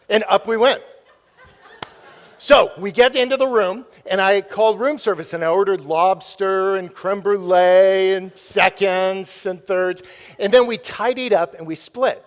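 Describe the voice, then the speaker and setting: A middle-aged man delivers a storytelling keynote from a stage, playful and quick to laugh at his own jokes. His voice sits fairly high for a man. The sound carries a long reverberant tail from the large hall. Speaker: keynote speaker.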